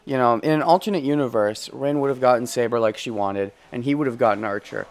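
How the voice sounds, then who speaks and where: A man's voice: mid-range voice, fast talker. A man streaming a game, chatting in a rambling, self-correcting way and reading story text aloud. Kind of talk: casual let's play commentary.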